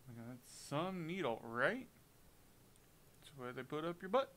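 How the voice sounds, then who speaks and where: A man's voice: fairly high pitch, very animated, normal speed, long pauses, a bit bright. A man streaming a game live, making casual, surprised asides.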